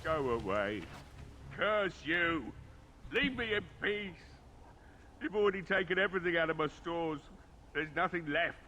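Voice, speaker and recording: An actor playing a middle-aged blacksmith in a video game, drunk, bitter and grieving, with a gruff, curt, weary way of talking. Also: male voice, fairly high pitch, animated, a little slow, pauses often, bright, forceful tone, a little hiss or hum.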